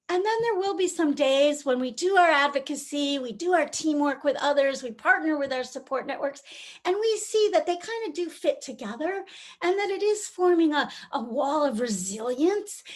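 A middle-aged woman giving a keynote talk, telling a story and acting out the voices in it. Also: sits high. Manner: warm storytelling, acts out quoted voices. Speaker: keynote speaker. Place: virtual conference, recorded remotely.

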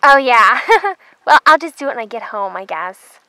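A woman voicing a fussy, excitable young city girl on a trail ride, in a toy horse drama. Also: a little high, moderate pace, no room sound, voice pushed down. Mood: whiny. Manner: whiny, excitable.

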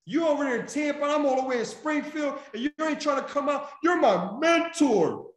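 A man voicing a young woman agent, high and emotional, in an echoey room. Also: animated, normal speed. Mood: frustrated. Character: tearful young woman agent, nervous then fired up.

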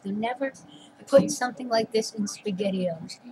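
A woman's voice: medium pitch, moderate pace, a little mellow. A woman vlogger chatting casually while she eats, rambling and sometimes talking with her mouth full. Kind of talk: casual eating vlog chat. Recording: noisy home recording.

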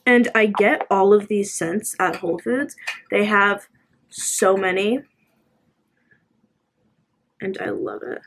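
A woman's voice: medium pitch, big pitch swings, takes it slowly, long pauses. A young woman talking casually to camera in a home vlog, filling her talk with "like" and "um". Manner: chatty, lots of "like" and "um". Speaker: vlogger. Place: at home, bedroom.

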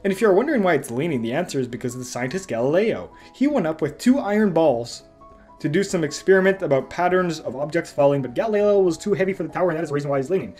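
A man's voice: fairly high pitch, lively intonation, fast, a little mellow, faint music behind. A young man reading out and mocking online reviews in a sarcastic comedic style. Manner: sarcastic, mock voices for reviews.

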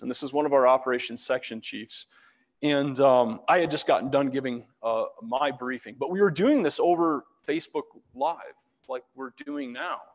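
A man's voice: mid-range voice, vocal fry, long reverb tail. A man giving a casual public talk as a fire meteorologist, walking through slides with self-deprecating jokes. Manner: self-deprecating, joking asides.

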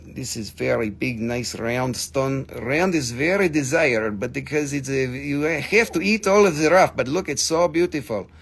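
A man's voice: medium pitch, moderate pace, vocal fry, hardly any pauses, a bit bright, breathy edge. A man hosting a live gem sale show, chatty and joking, swearing casually, with phrasing. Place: gem shop studio.

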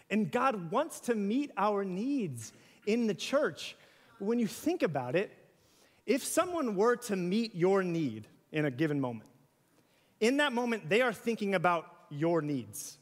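A man preaching a sermon in a church, conversational and animated, with playful asides. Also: high-pitched. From US South. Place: church sanctuary. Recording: church hall with long reverb.

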